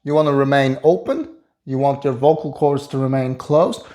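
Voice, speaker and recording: A man who is a vocal coach, explaining singing technique in a calm, instructive way. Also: mid-range voice, normal speed. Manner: explains calmly, then sings short staccato and fry demonstrations. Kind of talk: singing lesson with sung demonstrations.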